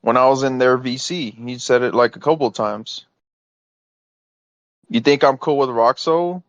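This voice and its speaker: A man speaks insistently over a voice call, exasperated and padding his points with fillers. His voice sits at an ordinary male pitch. The audio is dry and muffled, like a lo-fi chat recording. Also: moderate pace, no room sound. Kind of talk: heated private voice call.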